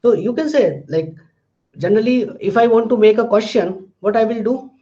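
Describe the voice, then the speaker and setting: Male lecturer, higher pitch, patient and repetitive, muffled lo-fi recording. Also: normal speed, mellow. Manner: explains patiently, repeating phrases and examples. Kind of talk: university phonetics lecture.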